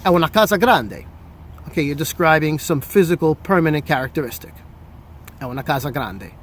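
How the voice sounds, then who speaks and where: A man's voice: fairly high pitch, a little hiss or hum. A man from New Jersey with an American accent, teaching an Italian lesson, patiently repeating examples and switching between English and Italian. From New Jersey, USA. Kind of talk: language lesson.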